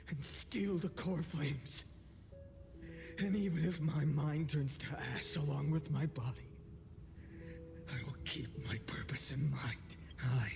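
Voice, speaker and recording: An actor playing a weary young male hero in a video game, speaking in a solemn, hushed and resolute way. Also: a little high, vocal fry.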